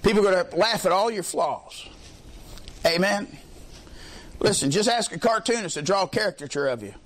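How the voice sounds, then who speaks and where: A man preaching a sermon in a colloquial way, leading call-and-response with the congregation and often swelling into shouts. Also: sits high, animated, moderate pace. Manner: colloquial, peppers lines with "amen", swells into shouts.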